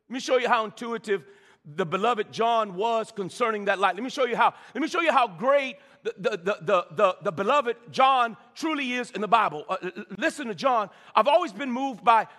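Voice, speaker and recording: In a reverberant church sanctuary, a man preaches in a very high, sharp voice. He calls out to the congregation, and as the sermon builds he frequently stammers into repeated words amid the call-and-response.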